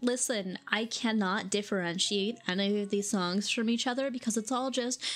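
A woman co-hosting a casual music podcast, dropping short deadpan quips. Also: mid-range voice, moderate pace. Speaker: podcast co-host. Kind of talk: casual chat.

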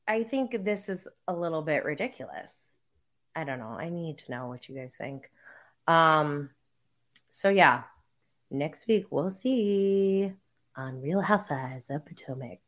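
A woman's voice: mid-range voice, pushed and bright. A young woman hosting a show, chatting casually and rambling through a TV recap with lots of fillers. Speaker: podcast host.

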